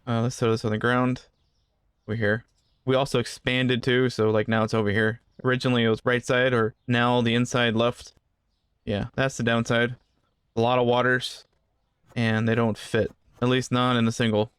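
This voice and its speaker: A man's voice: mid-range voice, level tone, normal speed, a bit bright, smooth, no echo, studio quality. A man giving casual gameplay commentary, rambling through asides and joking with the customers in the game. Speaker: gaming channel host.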